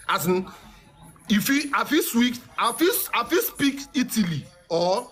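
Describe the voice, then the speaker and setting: A man's voice: very high-pitched, big pitch swings, unhurried, a bit bright. A man teasing the host on a live stream, repeating lines and putting on fake French.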